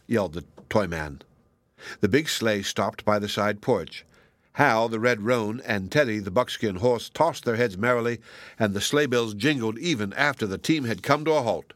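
A man reading a children's storybook aloud, gentle and expressive, with playful asides. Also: fairly low pitch, moderate pace, no room sound.

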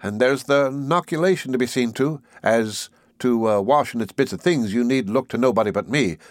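A warm-hearted village housewife chatters on in homely, earnest speech, as a male audiobook reader puts her on. The voice sits a little above his own middle pitch. It is recorded dry and close, with no room around it. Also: a little fast, dry recording, lightly acted. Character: kindly talkative village housewife, middle-aged. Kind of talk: audiobook character voice.

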